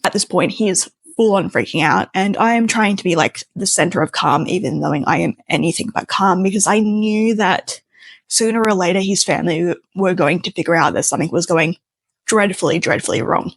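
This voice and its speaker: A woman's voice: fairly low pitch, fairly quick, slightly rough, no room sound. A young adult woman telling a personal story in a chatty way, with plenty of casual fillers.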